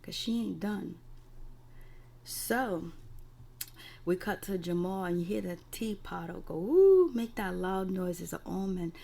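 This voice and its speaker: A woman's voice: lowish voice, fairly even intonation, slow, vocal fry, pauses often, a little mellow. A woman casually recapping a TV episode in a rambling, profane way with lots of fillers. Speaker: TV recap reviewer.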